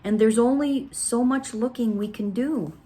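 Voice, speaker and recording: A woman reading aloud, voicing a gentle, sad preacher father who speaks quietly and softly. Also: a little high, unhurried, slight background noise, lightly acted. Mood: soft, weary. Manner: soft, quiet, subdued.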